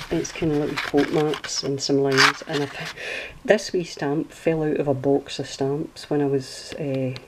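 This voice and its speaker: Low-voiced chatty Scottish woman. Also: background noise. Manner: chatty, rambling, homely asides. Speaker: craft channel host. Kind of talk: casual craft walkthrough. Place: at home indoors.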